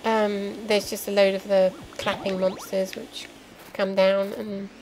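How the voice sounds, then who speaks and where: Speaking a little slowly in a level, mid-range voice, a young woman narrates her gameplay in a chatty, explanatory way, full of ums and side comments. Game music is clearly audible in the background, along with some noise.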